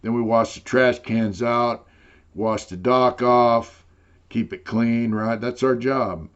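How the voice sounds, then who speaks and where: Older male interviewee, mid-pitched, loose and profane storyteller, slightly dull lo-fi audio. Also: fairly even intonation, slow, smooth. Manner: rambling, profane, full of "you know". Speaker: interviewee telling prison stories. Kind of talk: casual storytelling.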